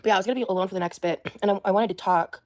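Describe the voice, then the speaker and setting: A woman talking hesitantly on her livestream, with many pauses and fillers. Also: mid-range voice, fairly even intonation. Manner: hesitant, full of ums. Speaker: streamer being watched. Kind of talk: casual livestream talk.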